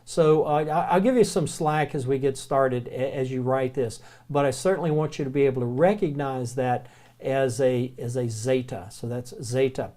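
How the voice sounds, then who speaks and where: A man with a Southern American accent teaching the Greek alphabet in a relaxed, chatty way, slowly repeating each word. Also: medium pitch. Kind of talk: recorded classroom lecture.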